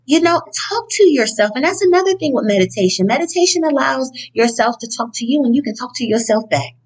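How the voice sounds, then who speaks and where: A somewhat high-voiced woman talks casually and bluntly, peppering her advice with profanity. She delivers it like a motivational talk from her notes, breaking into animated, emphatic bursts. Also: brisk, slightly rough, rough recording. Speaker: speaker on inner-child healing.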